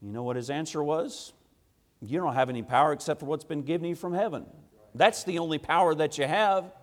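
A man delivering a sermon in a notably high voice. He drops into quiet, low asides, then builds to loud, emphatic passages with rhythmic repetition. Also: fairly quick. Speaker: preacher.

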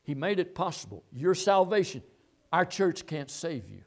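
A male preacher delivers a sermon with a high, animated voice. He sinks into hushed, low asides, then climbs to loud, fervent declarations. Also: normal speed, vocal fry. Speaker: pastor.

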